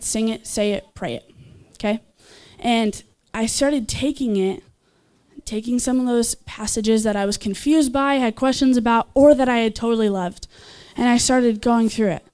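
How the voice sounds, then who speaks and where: Chatty young woman giving an upbeat sermon. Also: normal speed. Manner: chatty and enthusiastic, with laughs and fillers; animated, leaps in pitch when voicing others. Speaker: speaker at a church gathering. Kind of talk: casual sermon.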